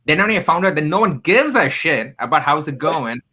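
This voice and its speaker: Bright-voiced man telling stories, accented. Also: fairly high pitch, a little fast, breathy edge, low-quality recording. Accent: non-native English accent. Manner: animated, emphatic storyteller with jokey asides. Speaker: podcast guest, career coach. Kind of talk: storytelling in a casual interview.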